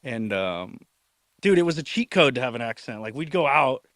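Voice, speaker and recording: A man's voice: medium pitch, normal speed, no echo. Laid-back male host, dry close sound. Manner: relaxed, laughing, curious questions. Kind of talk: casual chat.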